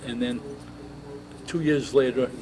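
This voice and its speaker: A man in his eighties, a veteran, telling his service story in an oral history interview, halting and reminiscing. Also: mid-range voice, fairly even intonation, music in the background, low-quality recording. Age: 80s.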